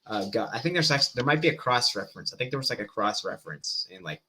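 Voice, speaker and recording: A man hosting a stream, giving fast, animated reaction commentary and often breaking off mid-sentence. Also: medium pitch, husky. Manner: fast-talking, animated, self-interrupting. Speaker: stream host.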